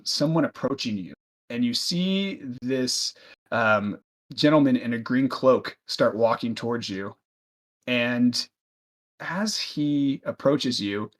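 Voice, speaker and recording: A man running a tabletop game as game master, narrating loosely with many fillers. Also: mid-range voice.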